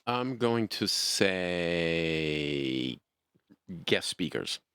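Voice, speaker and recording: A man in his sixties co-hosts a podcast with dry, teasing humor. His low voice swings widely in pitch, recorded close and dry. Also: big pitch swings, drawn-out words, fairly bright tone, clean tone, no room sound. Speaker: podcast co-host. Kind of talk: casual chat.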